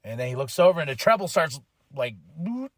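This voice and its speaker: A man's voice: on the high side, big pitch swings, brisk, a bit bright, dry recording, studio quality. A man hosting a podcast, casually retelling a film plot in a slangy, rambling way full of fillers. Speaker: podcast host. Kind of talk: casual movie review recap.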